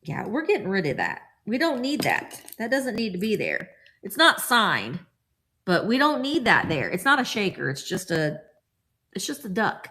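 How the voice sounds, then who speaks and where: A woman hosts a casual live chat as she shows off her thrift finds, answering viewers by name. Her voice sits at a middle pitch but swings up and down a lot, bouncy and playful. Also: huge pitch swings, normal speed, bright, forceful tone. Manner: chatty, reads out viewer names, playful voices. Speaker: vintage reseller host. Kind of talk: live-chat haul vlog.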